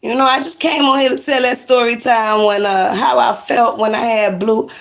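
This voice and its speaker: A woman with a high-pitched voice chats on a live stream. She teases her viewers and answers their comments as they come in. She talks from her apartment into a phone. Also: fairly even intonation, normal speed, vocal fry. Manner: chatty, teasing, answers comments aloud.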